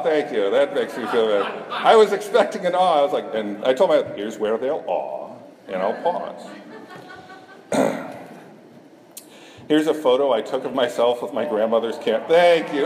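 It's a self-deprecating conference talk from a middle-aged man from Iowa, a cartoonist kidding around with his listeners. His voice is mid-range with a darkish tone, heard in an echoey hall with faint background noise.

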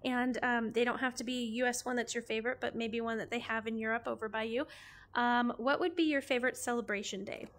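A woman's voice: on the high side, fairly even intonation, fast, a bit bright. Upbeat woman hosting an interview. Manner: friendly, laughs often, asks questions. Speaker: interview host. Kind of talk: casual interview chat.

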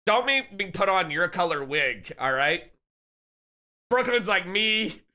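A young man live-streaming, chatting casually and excitedly with his viewers and reading their messages aloud. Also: sits high, unhurried. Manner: hyped, laughing, reads chat aloud.

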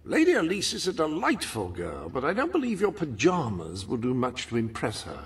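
An actor playing a fussy, formal male royal butler in a video game who speaks with prim, gentle disapproval. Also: mid-range voice, huge pitch swings, normal speed. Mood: polite. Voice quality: raspy, gravelly. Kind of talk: game character dialogue.

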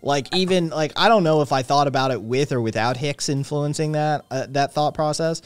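A man's voice: on the high side, moderate pace, clear, resonant tone, dry recording. A man hosting a live stream, chatting casually in a sarcastic, profane, joking way. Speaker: stream host. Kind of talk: casual chat.

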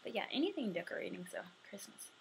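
A young woman chatting casually to camera, answering questions for a tag video, sometimes dropping to a soft murmur. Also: mid-range voice, very animated, quick pace, a little hiss or hum, rough recording. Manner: chatty, drifting between soft murmurs and bright bursts.

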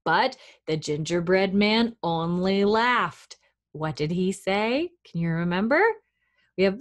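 Slow, lively children's librarian woman. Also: medium pitch. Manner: gentle, encouraging, speaking to young children. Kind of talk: children's storytime reading.

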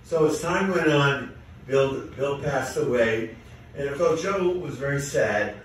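A man in his nineties telling joke stories at a comedy event, halting with many fillers. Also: mid-range voice, animated, heavy reverb, distant mic, slight background noise, poor audio. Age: 90s. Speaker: amateur stand-up comic.

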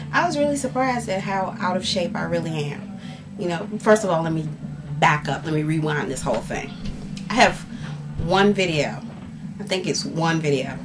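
A woman's voice: sits low, noisy background. Exasperated woman ranting to her webcam. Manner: animated, exasperated, candid with fillers and self-interruptions. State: sore and frustrated after a workout. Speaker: vlogger. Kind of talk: casual vlog rant to camera. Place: at home, indoors.

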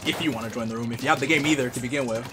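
A man streaming live gameplay, talking to his teammates and viewers and loudly trash-talking opponents. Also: medium pitch, rapid-fire, faint music behind. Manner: excitable, yells and trash-talks at opponents.

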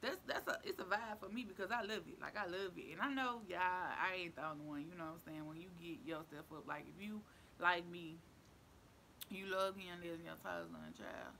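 Chatty woman vlogger with a gravelly edge. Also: lowish voice, brisk, bright, forceful tone, slight background noise. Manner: chatty, repeats herself, playful slang. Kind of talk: casual chat to camera.

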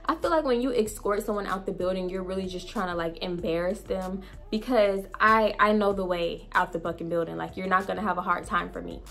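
Young woman vlogger, animated and profane storyteller, faint music bed. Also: medium pitch, fairly quick. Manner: blunt, profane, animated retelling. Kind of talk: storytime vlog.

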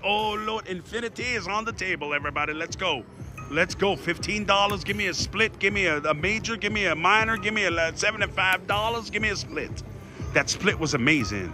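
A man vlogging while playing slot machines, joking and cheering at the reels. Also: high-pitched. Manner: animated, jokey, shouts at the machine, fast swings. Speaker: casino vlogger. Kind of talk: excited slot-play commentary. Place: casino floor. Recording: slot machine music behind.

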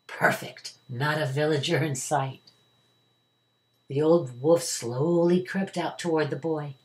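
Reading a children's story at home, a retired teacher in her later years speaks slowly in a deep voice. Her delivery is warm and expressive, pitched for young listeners.

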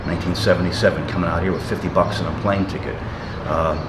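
A man in his sixties with a low voice speaks fast as an interview guest, keeping a steady tone while he reminisces intensely. His delivery is emphatic and motivational, coming in punchy bursts. The recording is roomy, with loud traffic noise.

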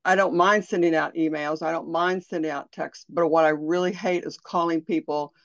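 A woman's voice: low voice, fairly even intonation, normal speed, vocal fry, no room sound. Southern lady agent, chatty and self-deprecating, lo-fi muffled sound. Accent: Southern American. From American South. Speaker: real estate agent. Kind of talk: casual conversation. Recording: dull, dry lo-fi audio.

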